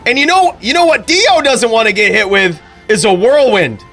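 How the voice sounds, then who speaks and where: A man's voice: very high-pitched, expressive, moderate pace, pushed and bright, soft background music, voice pushed up, heavily acted. A man doing an impression of an overexcited male fight commentator, stating the obvious in hyped play-by-play.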